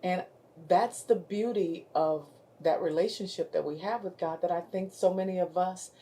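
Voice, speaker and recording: A woman's voice: fairly low pitch, normal speed, dark tone. A woman hosting a faith talk show, who quotes scripture in a preacherly way with emphatic rises. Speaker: host.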